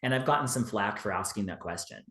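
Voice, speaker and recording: Low-voiced man in a roomy space. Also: animated, fast talker, bright, forceful tone. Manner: rambling, filler-heavy, with frequent "you know". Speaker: guest, witchcraft teacher. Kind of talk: casual interview talk. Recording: roomy echo.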